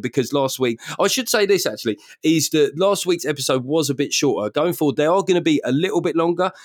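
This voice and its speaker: A man hosting a comedy podcast, riffing and teasing with a quick joking manner. His voice sits at an ordinary pitch for a man, and the sound is dry and close with no room around it. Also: no room sound. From South London. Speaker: podcast host. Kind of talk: casual comedy chat.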